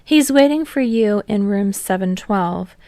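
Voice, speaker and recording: Woman as soft-spoken young receptionist. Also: medium pitch, lively intonation, unhurried, no room sound. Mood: polite. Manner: soft, pleasant, businesslike. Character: polite young female agency receptionist, soft and pleasant.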